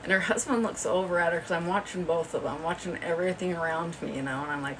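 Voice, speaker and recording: Speaking quickly and barely pausing, this livestream host rambles through a chatty bit of gossip in her fairly low voice, laughing all the while. Her phone is far off, and background noise comes through.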